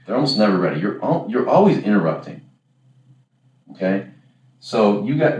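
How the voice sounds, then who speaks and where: A man's voice: low-pitched, a little mellow. A man coaching a class in a casual, rambling way, often correcting himself and acting out example lines. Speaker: dating coach. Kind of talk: casual workshop lecture. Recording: echoey room, far from the mic, faint background noise.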